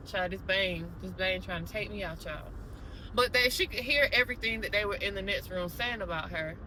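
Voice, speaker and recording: Animated, bright-voiced woman telling a story. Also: mid-range voice, brisk, a little hiss or hum, poor audio. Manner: animated, conversational, addresses viewers directly. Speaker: vlogger. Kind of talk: casual storytelling to camera.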